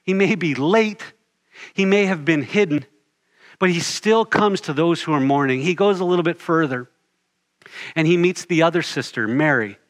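A man's voice: on the high side, moderate pace. A man preaching a sermon in an earnest way, building his points through repeated phrases.

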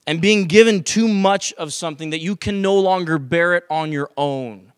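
A male pastor preaching a sermon to a congregation, animated and acting out quoted voices. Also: a little high, normal speed, few pauses, smooth, no room sound, studio quality. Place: church sanctuary.

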